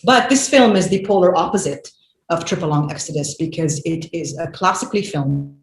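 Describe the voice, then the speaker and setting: A woman in her forties, a filmmaker guest, talks in an animated, emphatic way, with many fillers and restarts. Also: low-pitched, normal speed. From Lebanon. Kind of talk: conversational interview. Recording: echoey room with faint noise.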